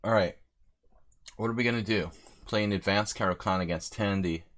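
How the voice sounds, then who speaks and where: Low-voiced man casually chatting while streaming. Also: brisk, fairly bright tone. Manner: rambling, chatty, reads out viewer names. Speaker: chess streamer playing a simul. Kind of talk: casual live-stream commentary. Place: lives in Hungary.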